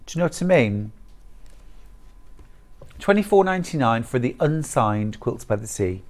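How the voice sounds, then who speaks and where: A shopping channel presenter, gushing with enthusiasm over products in a chatty live TV sales pitch from a studio. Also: very animated, normal speed, darkish tone.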